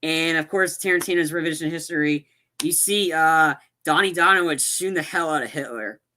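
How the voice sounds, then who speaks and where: Casual podcast co-host, male, tense bright tone, slightly high, rambles and backtracks with plenty of fillers. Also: brisk, slight background noise. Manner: rambling, many fillers and restarts. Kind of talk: casual movie chat.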